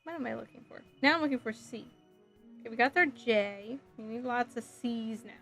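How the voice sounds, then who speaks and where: A woman's voice: fairly high pitch, a little fast, a bit bright, soft background music. A woman live streaming as she builds a model kit, chatting with viewers in a sassy, giggly way. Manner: sassy, playful, giggly, reacts to chat messages.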